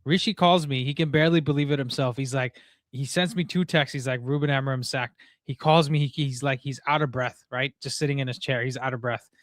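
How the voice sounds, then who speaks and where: A young man hosting a live football call-in show, talking casually and quickly with lots of "bro" and "like", tired from little sleep. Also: medium pitch, no room sound, studio quality. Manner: animated, talks fast, says "bro" and "like" a lot. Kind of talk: casual live-stream chat.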